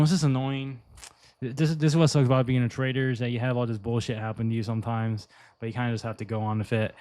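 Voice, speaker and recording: A man's voice: mid-range voice, a little mellow, no echo. Guy ranting about crypto charts, swears a lot, rambly and blunt, dead dry sound. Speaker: crypto market analyst. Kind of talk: casual market commentary over charts.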